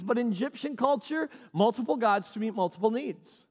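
A male pastor preaching a sermon, animated and repeating key phrases for emphasis. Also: very high-pitched, a little fast, in a large hall.

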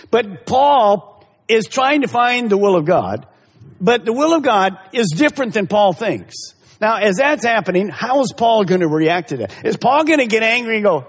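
A man's voice: a little high, slightly rough. A male pastor preaching a sermon in an emphatic way, repeating key phrases and speaking straight to the congregation. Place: church service. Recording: echoey hall reverb.

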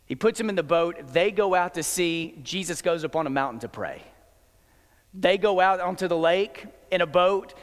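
High-voiced man preaching in a reverberant hall. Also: lively intonation, moderate pace. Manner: conversational preaching with frequent restarts. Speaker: pastor. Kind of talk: sermon.

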